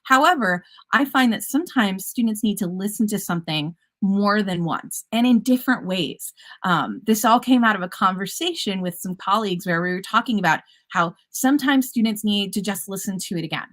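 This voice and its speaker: A woman's voice: mid-range voice, animated, a little fast, a bit bright. A woman teacher giving an upbeat, chatty conference presentation about classroom practice, with playful puns.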